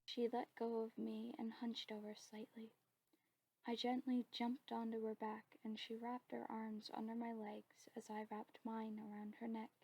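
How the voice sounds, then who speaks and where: Soft-voiced woman narrating a whispered role-play. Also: a little high, unhurried, breathy edge, poor audio. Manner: soft, steady storytelling. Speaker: story narrator and writer.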